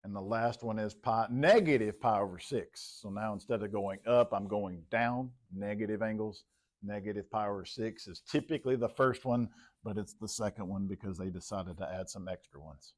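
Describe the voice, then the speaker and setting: A man's voice: fairly low pitch, moderate pace. A man teaching a classroom lesson, working problems on the board and calling on students by name. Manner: talking while plotting on the board, quizzing students by name. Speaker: math teacher. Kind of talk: classroom lecture.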